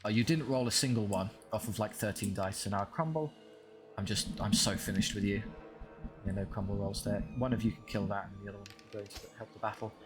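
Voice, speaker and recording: A man with a fairly low voice talks his way through a strategy game, muttering at his units with dry, frustrated asides. Game music plays clearly behind him. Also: quick pace. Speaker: gaming channel host.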